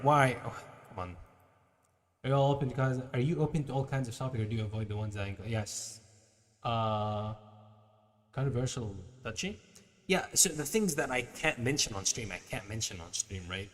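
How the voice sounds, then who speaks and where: A man's voice: medium pitch, a bit bright, long reverb tail. A male livestream host chatting casually with his viewers in a laid-back, slangy way, reading their messages aloud.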